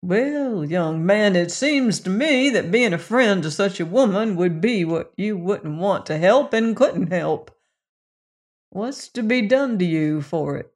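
A narrator voicing a laconic, steely gunfighter who speaks in a low, slow drawl in a western audiobook story. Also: expressive. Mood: steely calm. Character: laconic cold gunman rider, calm and steely.

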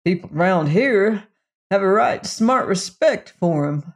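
A man's voice: high voice, lively intonation, slow, heavily acted. A man voicing a plainspoken old western sheriff with a rural drawl. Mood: folksy storytelling.

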